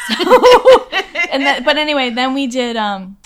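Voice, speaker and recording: A woman guest on an interview show who talks in loose, rambling stretches packed with fillers. Her voice sits a bit high. She is casual and pokes fun at herself. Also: sing-song, takes it slowly, a little hiss or hum. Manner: rambling, self-deprecating, heavy on fillers like "like". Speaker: guest actress and comedian.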